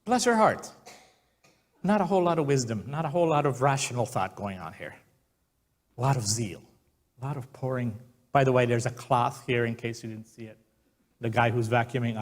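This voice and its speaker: A man preaching a sermon as pastor, telling stories and acting out the quotes. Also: medium pitch. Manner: storytelling, acts out quotes.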